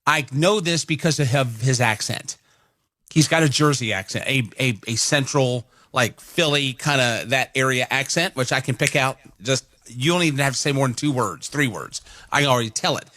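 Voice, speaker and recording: A man co-hosts a morning radio show and wanders conversationally through his points. His voice has a bright, forward edge. It is heard dry and close at a studio mic. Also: medium pitch, normal speed, no room sound. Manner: rambling, conversational. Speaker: radio co-host. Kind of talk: casual morning radio chat. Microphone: studio microphone.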